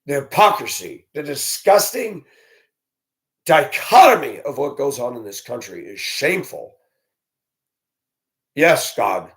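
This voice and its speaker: A man's voice: fairly low pitch, vocal fry. A man vlogging alone, speaking in a blunt, indignant, ranting way. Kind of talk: solo opinion monologue.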